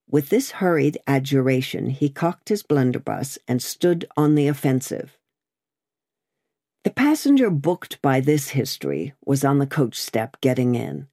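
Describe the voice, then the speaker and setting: A woman narrating an audiobook in a steady, measured reading voice. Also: a bass voice, no room sound, studio quality.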